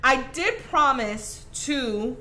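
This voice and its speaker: A woman's voice: sits high, animated, extremely slow, bright, forceful tone, slight background noise. A woman with a Caribbean accent hosting a live craft tutorial, chatty and affectionate with her viewers. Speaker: craft host.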